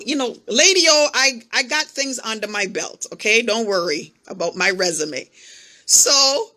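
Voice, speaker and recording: Bright-voiced woman telling a story. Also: a little high. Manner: animated, acts out the voices in her stories; speaks directly to her listeners. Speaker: podcast host. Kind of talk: personal storytelling, coaching talk.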